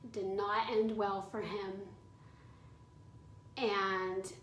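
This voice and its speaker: A woman's voice: medium pitch, little pitch movement, drawn-out words, a little hiss or hum. A woman in her twenties telling a candid storytime vlog, chatty and full of "like.". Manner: chatty, candid, heavy use of "like". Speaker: vlogger. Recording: echoey room, away from mic.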